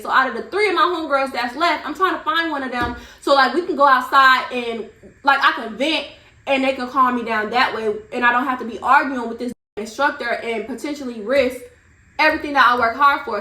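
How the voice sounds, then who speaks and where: A young woman vlogger telling a storytime in an animated, slangy way. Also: high voice, roomy sound. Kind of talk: storytime vlog.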